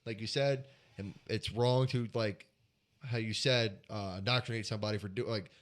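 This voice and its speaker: A man's voice: lowish voice, fairly even intonation, normal speed. A man co-hosting a casual podcast, explaining at length and restarting his sentences. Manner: rambling, restarts while explaining. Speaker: podcast co-host. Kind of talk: casual chat.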